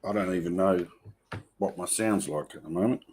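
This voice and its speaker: An Australian man hosting a casual livestream, greeting viewers one by one in a relaxed, matey way. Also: low voice, moderate pace, slightly rough. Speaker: host.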